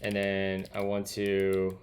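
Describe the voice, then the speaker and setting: A man's voice: low voice, completely flat delivery, slow pace. A man streaming live as he codes, thinking aloud and muttering to himself as he types. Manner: muttering to himself while typing. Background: keyboard typing.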